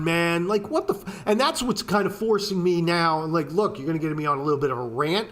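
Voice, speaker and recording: A man's voice: high voice, lively intonation, a little fast, hardly any pauses, fairly bright tone. A man hosting a casual screen-share walkthrough of trading charts, talking in a profane, ranting way with lots of swearing and filler words. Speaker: trading video host.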